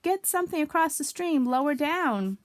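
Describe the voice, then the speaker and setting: A woman's voice: sits high, lively intonation, normal speed, voice pushed up. A woman voicing a fussy, self-important male rabbit in a storybook reading.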